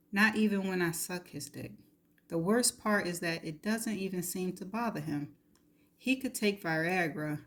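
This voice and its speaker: A woman reading a novel aloud in the first person, steady and intimate. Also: fairly low pitch. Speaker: reader.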